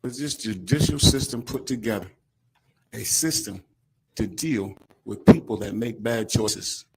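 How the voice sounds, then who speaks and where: Crying man with a husky voice. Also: lowish voice, expressive. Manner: emotional, halting, breaks off mid-sentence. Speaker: victim giving a statement in court. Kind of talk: courtroom victim impact statement. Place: courtroom. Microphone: podium microphone.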